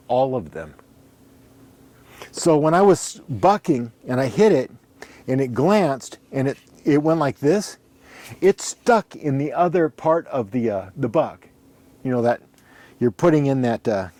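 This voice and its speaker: A man's voice: mid-range voice, warm tone. A middle-aged man talking casually as he examines an ax handle, rambling and thinking aloud as he counts and points things out. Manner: rambling, talks to himself while counting and examining. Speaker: ax handle reviewer. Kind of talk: casual workshop show-and-tell.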